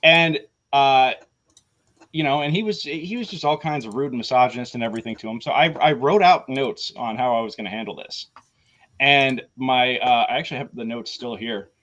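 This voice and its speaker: A man's voice: medium pitch, normal speed, a bit bright. A man telling a long story in a casual chat, rambling with many fillers and restarts, and blunt with casual swearing. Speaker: host of a tabletop game show; small business owner in theater. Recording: dull lo-fi sound.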